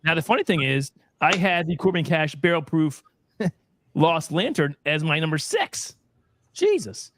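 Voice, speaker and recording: A man hosts a casual whiskey tasting, teasing his friends and laughing through the reveal. His voice leaps high and low with lively swings and sits a touch high, recorded dry with no room around it. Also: measured pace, dry recording. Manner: bantering, swearing and laughing. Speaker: host.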